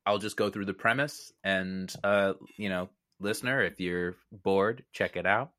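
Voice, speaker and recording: A man's voice: low-pitched, steady tone, measured pace, bright, forceful tone, no echo, studio quality. A young man co-hosting a podcast, chatting loosely about films, swearing and laughing often. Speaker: podcast co-host. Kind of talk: casual film chat.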